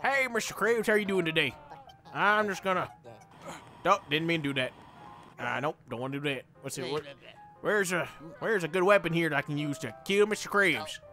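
A young man doing excitable let's play commentary, yelping and laughing as he plays. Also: a little high, moderate pace, faint music behind. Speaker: gaming channel host.

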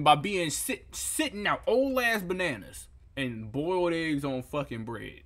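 A young man reviewing food photos in a comedic reaction rant, incredulous and profane, breaking into loud outbursts. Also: a little high, very animated, unhurried.

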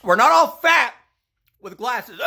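A man's voice: very high voice, vocal fry, bright, forceful tone. A man delivering an angry, profane, sarcastic rant as a wrestling fan vlogger, coughing now and then. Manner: sarcastic, mocking, swears a lot; coughs between phrases.

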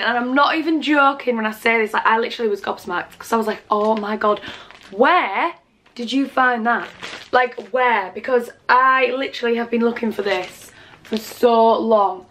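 A young British woman excitedly chatting through her presents in a casual vlog. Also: a little high. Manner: gushing, chatty, full of fillers. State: out of breath. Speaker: vlogger. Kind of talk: casual gift haul vlog.

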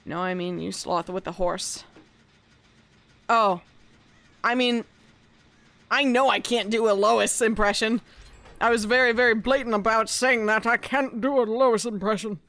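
A woman with a fairly high voice chats away on a live stream while she plays. She swears freely and keeps a loose, teasing tone as she talks to her viewers. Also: unhurried, long pauses, fairly bright tone, no room sound. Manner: playful, profane, bursts into gasps and laughs. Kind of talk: casual live-stream chat while gaming.

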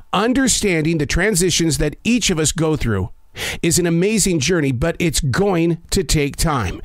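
A man with a slightly high, very animated voice talks through a reflective essay in a slow, emphatic way, leaning on dramatic pauses. He is recorded close on a studio mic in a dry home studio with no room echo. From North Carolina. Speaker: podcast host.

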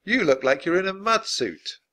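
A man voices a cautious bookish boy in a storybook, raised a little above his own voice. The tone is bright and urgent, with lively ups and downs. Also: high voice, normal speed, pitched above the performer's own voice. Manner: earnest and urgent. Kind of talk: storybook character voice.

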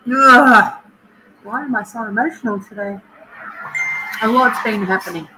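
A middle-aged Australian woman, her voice fairly high, talks unhurriedly to live viewers from home with background noise behind her. She chats casually and emotionally, greeting people by name.

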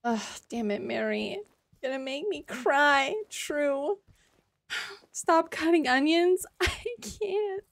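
A woman's voice: high-pitched, slow pace, gravelly. A young woman streaming a game, reacting with emotion and rambling with many fillers. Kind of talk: live game commentary.

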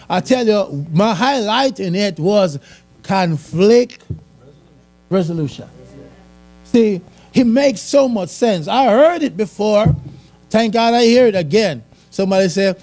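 High-voiced man giving a sermon. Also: lively intonation, a little slow, darkish tone, soft background music. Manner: conversational, chuckling, asks the audience. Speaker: church speaker. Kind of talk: sermon testimony. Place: church.

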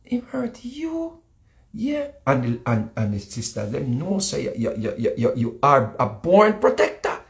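Telling stories casually as a guest speaker, a Jamaican-accented man talks at medium pitch and normal speed in a gravelly voice, barely pausing. He's animated and repetitive and performs the voices of those he quotes.

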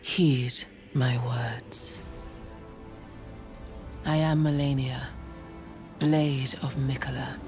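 Proud rp demigoddess, slow breathy whisper, rain and music behind. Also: female voice, rumbling low, steady tone, heavily acted. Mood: solemn. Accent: RP English. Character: cold proud demigoddess swordswoman.

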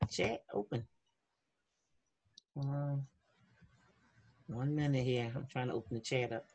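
Over a video call, a woman runs a casual online class for kids, reading the chat aloud in a chatty, encouraging way. Her voice is extremely low and gravelly with a slightly mellow quality, and she speaks slowly.

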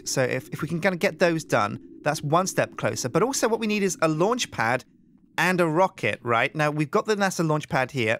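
A man hosting a game let's play, chatting in an animated, rambling way and thinking aloud. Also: on the high side, a little hiss or hum. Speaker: host.

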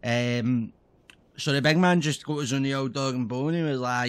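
A man's voice: medium pitch, fairly quick, clean tone, no room sound. A man streaming a zombie game, rambling and swearing with lots of laughs. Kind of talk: casual gaming commentary.

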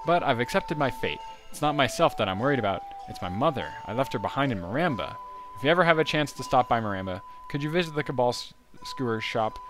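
A remorseful young woman who ran off with a sailor, read in a plain, earnest voice that sits near the reader's own, as a man reads her part. The voice is mid-pitched, and game music plays underneath. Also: animated, fast talker, natural voice. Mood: regretful. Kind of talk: video game dialogue read aloud.

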